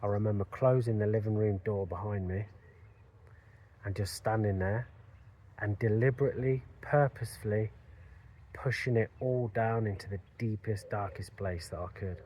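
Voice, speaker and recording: A man's voice: lowish voice, fairly even intonation, normal speed, dark tone. A man earnestly telling a personal story in a reflective way. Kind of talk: personal story told to camera.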